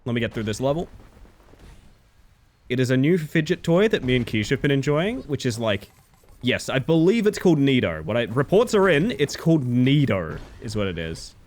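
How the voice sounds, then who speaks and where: A man streaming a game live, chatting casually with his viewers in a playful, animated way and swearing freely. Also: mid-range voice, normal speed. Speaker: livestreamer. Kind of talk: casual chat while gaming live.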